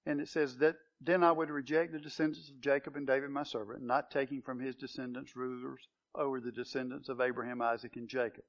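A man's voice: medium pitch, level tone, brisk, hardly any pauses. A man preaching a sermon to a congregation, earnest and questioning, building to emphatic proclamation. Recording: dull lo-fi sound.

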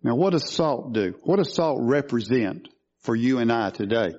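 Guy preaching, warm mellow voice, kinda dull lo-fi sound, asks the crowd questions. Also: medium pitch, animated, moderate pace. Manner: teaching, asks questions of the congregation. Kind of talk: sermon.

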